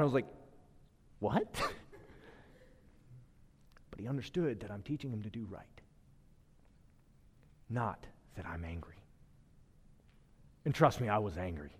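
Man preaching in a reverberant hall. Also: medium pitch. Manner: conversational preaching, shifting between hushed and emphatic. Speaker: pastor. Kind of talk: sermon. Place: church hall.

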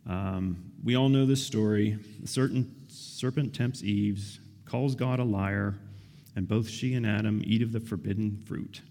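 A man preaches in a relaxed, conversational way, his lowish voice gravelly with fry. He keeps checking in with his listeners and asking them questions. The sound carries a long reverb from the church hall around him. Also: measured pace. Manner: casual, asks the listeners questions, often says "right?". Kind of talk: conversational sermon.

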